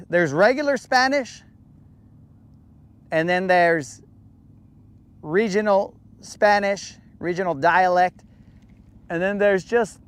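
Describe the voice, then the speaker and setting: A man hosting a casual fishing podcast, talking in a lively, slangy way and acting out the voices he quotes. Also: on the high side, clean tone. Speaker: podcast host. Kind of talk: casual chat. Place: boat on a lake.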